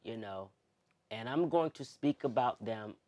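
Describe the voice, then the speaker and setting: A man's voice: medium pitch, unhurried. Heartfelt man giving an emotional interview. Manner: heartfelt, expressive, swings between loud emphasis and soft near-tearful tones. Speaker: interview guest.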